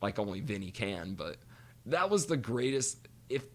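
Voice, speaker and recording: A man's voice: lowish voice, very animated, moderate pace, fairly bright tone. A man co-hosting a podcast, chatting casually and animatedly, cursing freely and telling stories with quoted voices. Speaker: podcast co-host. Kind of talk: casual chat.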